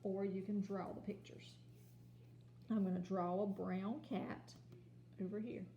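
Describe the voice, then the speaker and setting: Kindergarten teacher, woman; slow, patient, gravelly low-toned delivery with faint hiss. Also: little pitch movement, warm tone, reverberant, highs cut off. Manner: slow, patient, sounds out words and letters. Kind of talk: home learning video lesson. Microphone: phone or camera.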